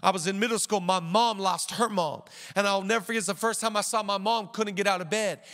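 A man's voice: high-pitched, steady tone, brisk, a bit bright, big-room sound. A man pastor preaching a sermon with an emphatic, repetitive cadence.

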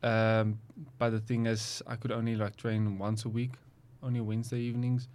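A young man in his twenties with a South African accent, a guest athlete speaking casually and hesitantly with lots of pauses. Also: on the low side. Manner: relaxed, hesitant, many ums. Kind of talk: casual interview chat.

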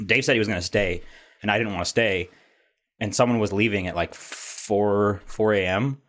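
A man's voice: on the low side, normal speed, a bit bright. A young adult man hosting a casual podcast chat, telling long rambling stories with plenty of swearing. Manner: rambling storyteller, swears freely. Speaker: podcast host.

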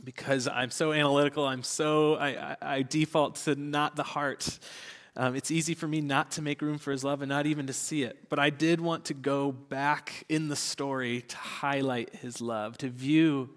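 A young man preaching a sermon as a church pastor, earnest and candid, with light laughs, dropping into soft whispers at tender moments. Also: a little high, little pitch movement, moderate pace, big-room sound.

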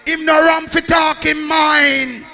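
A man hosting a live sound clash, shouting sing-song hype calls in patois. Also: very high-pitched, little pitch movement, takes it slowly, vocal fry. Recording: live hall with long reverb and music.

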